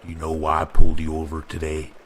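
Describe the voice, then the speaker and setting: A creepy highway cop with a slow Midwestern drawl and a deep, low voice, as a man puts him on. He sounds strange and unlike the teller, politely menacing on a dark road in a horror story read over faint rain. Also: completely flat delivery, slight background noise. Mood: eerily polite.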